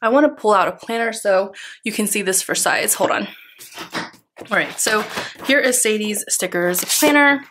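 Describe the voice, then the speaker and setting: A woman's voice: mid-range voice, animated, moderate pace, background noise. A woman vlogger talking casually through a haul, chatty and gushing with lots of fillers. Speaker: planner vlogger.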